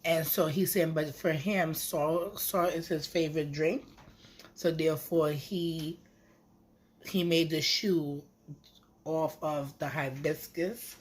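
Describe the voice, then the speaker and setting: A woman chatting casually to camera as a vlogger, rambling with lively asides. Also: sits low, a little hiss or hum.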